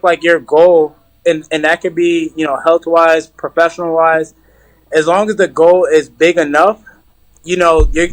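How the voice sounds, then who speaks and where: A young man who runs a gym answers interview questions in an earnest, casual way. His voice sits somewhat high, and he leans on "like" and "it's like" as he talks. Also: a bit bright. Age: young adult. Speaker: gym owner, guest.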